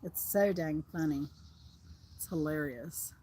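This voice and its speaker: This livestream host, a middle-aged woman with a Southern American accent, talks slowly in a low, mellow voice while rambling casually outdoors. A little hiss or hum can be heard.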